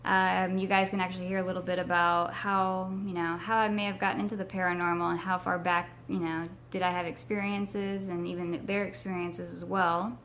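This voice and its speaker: A young woman from Texas chatting casually to her viewers, her voice hoarse from a sinus infection, rambling with many ums. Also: lowish voice, level tone, a little fast, few pauses, a bit bright, a little hiss or hum. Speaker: paranormal vlogger. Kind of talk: casual vlog chat to camera.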